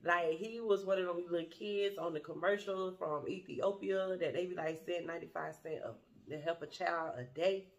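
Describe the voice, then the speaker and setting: A woman's voice: fairly low pitch, normal speed, few pauses. A woman vlogger telling a dating story to her viewers in a blunt, profane, laughing way.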